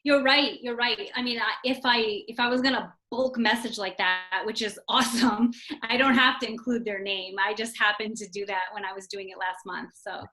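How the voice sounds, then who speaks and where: A woman with a bright, slightly high voice chats through a team call. She talks in a bubbly, easygoing way, peppered with little exclamations. She is sharing tips with colleagues. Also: fairly even intonation, moderate pace, hardly any pauses, low-quality recording. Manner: bubbly, uses "like" and "oh my gosh" a lot. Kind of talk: casual call conversation.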